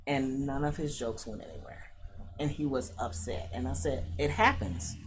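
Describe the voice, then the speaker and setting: A middle-aged woman, a stand-up comedian, telling casual stories as a guest, animated and laughing often while acting out the people she quotes. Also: a bass voice, normal speed. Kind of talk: casual storytelling. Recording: noisy background ambience.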